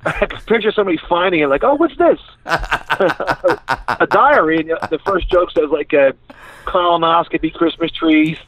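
A man's voice: a little high, normal speed, fairly bright tone, no room sound. A man with a Philadelphia accent, a comedian guest chatting casually and laughing through rambling stories, calling in from his truck. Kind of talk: casual chat. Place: inside his parked truck. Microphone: phone call. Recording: tinny dry phone line.

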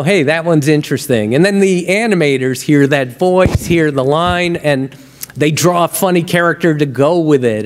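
Guy telling funny backstage stories to a crowd, kinda high voice, echoey hall, builds up to the punchlines. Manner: wry, punchline-driven, gets louder and livelier at the jokes. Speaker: TV comedy writer and guest speaker. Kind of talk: storytelling talk to an audience. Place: lecture hall with a live audience. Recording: long hall reverb.

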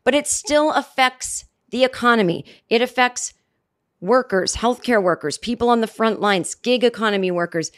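A woman in her forties hosting a comedy podcast, talking in a rambling, sarcastic monologue full of restarts, jumping up in pitch for mock quotes. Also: moderate pace. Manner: rambling, sarcastic, self-interrupting, with many restarts. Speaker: podcast host.

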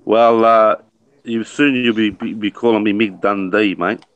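An Australian man with an easygoing manner banters in a casual live stream. His voice is somewhat low. He keeps the talk light and calls the others mate. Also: fairly even intonation, measured pace, dull audio.

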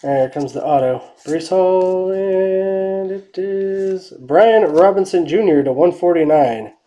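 A woman hosting a trading card break, giving casual running commentary and dropping to quiet mutters while she checks cards. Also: on the low side, takes it slowly.

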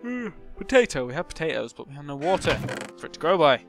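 Here a young man who makes gaming videos on YouTube chats through his gameplay in a self-deprecating way, humming and mumbling to himself. His voice is gravelly, fairly high, and quick. Music runs in the background of the recording.

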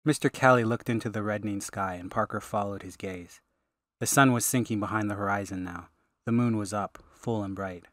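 A man, the author, reading his fantasy audiobook in steady, measured narration. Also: lowish voice, no room sound, clean studio sound. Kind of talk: scripted narration.

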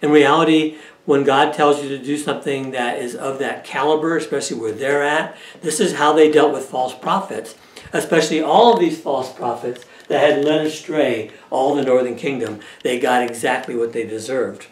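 A man's voice: mid-range voice, moderate pace. A man teaching a Bible study lesson in a conversational way, often checking in with his listeners. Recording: echoey room.

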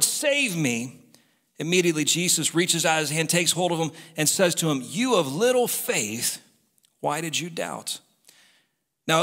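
Here the preacher's fairly high voice sounds a bit bright as he keeps exhorting his listeners with passion and repetition. He talks right to the congregation, and the church hall's reverb colors the sound.

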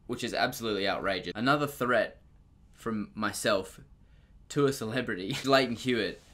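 A young man narrating a casual comedic vlog, joking and self-mocking, with sudden loud, high outbursts. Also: animated, fairly quick. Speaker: vlogger.

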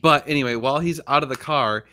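A man's voice: mid-range voice, fast, bright, forceful tone. Laid-back rambling male livestream host. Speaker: podcast host. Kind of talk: casual livestream chat.

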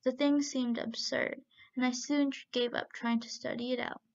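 A woman reading the lines of a gentle young man who speaks in a soothing, earnest way in a storybook tale. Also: high voice, little pitch movement, moderate pace. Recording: muffled lo-fi recording.

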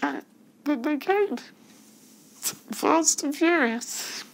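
A woman giving tearful, halting testimony at a public inquiry, her voice breaking as she restarts her sentences. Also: sits high, expressive, rough recording. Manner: halting, emotional, restarts often. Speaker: witness giving evidence. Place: hearing room.

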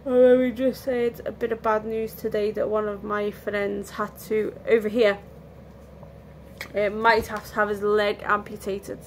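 A woman's voice: medium pitch, level tone, measured pace, slight background noise. A tired woman chatting candidly in a casual home vlog, rambling and restarting her sentences, yawning now and then. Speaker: vlogger. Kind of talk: casual lockdown vlog chat.

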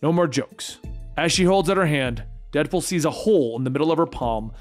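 A man narrating a comic book story in a lively, quick recap style. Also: a little high, faint music behind.

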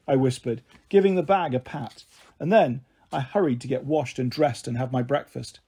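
A man reading a children's novel aloud as a storyteller, expressive and changing his voice for each figure. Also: medium pitch, normal speed, breathy edge.

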